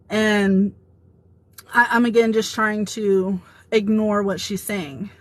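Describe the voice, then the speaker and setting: A woman telling a workplace story straight to the camera in a casual vlog. She talks in an animated way, acting out what her coworkers said, at a middle pitch. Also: poor audio. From Italian heritage. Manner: animated retelling, quoting others.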